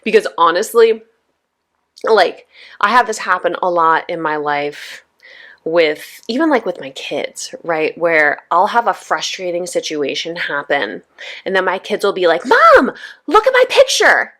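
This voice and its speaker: A woman's voice: fairly low pitch, unhurried, fairly bright tone. A woman in her thirties hosting a podcast, talking casually and conversationally with lots of asides to her listeners. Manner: chatty, conversational, frequent "right?" and "you know". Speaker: podcast host.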